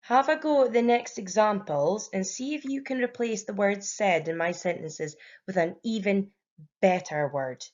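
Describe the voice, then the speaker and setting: Bright, encouraging Scottish woman teacher. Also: mid-range voice, normal speed, dull audio. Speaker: primary school teacher. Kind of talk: recorded home-learning lesson.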